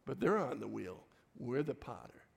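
Gravelly-voiced pastor in an echoing church. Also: male voice, mid-range voice, big pitch swings, moderate pace. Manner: vivid personal storytelling in short punchy phrases. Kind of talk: sermon.

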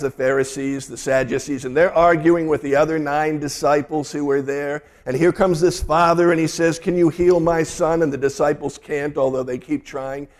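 A pastor preaching to his congregation, telling the story with animated asides. His voice sits a little higher than most men's. His delivery is conversational and vivid. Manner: storytelling, animated retellings of scripture. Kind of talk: sermon.

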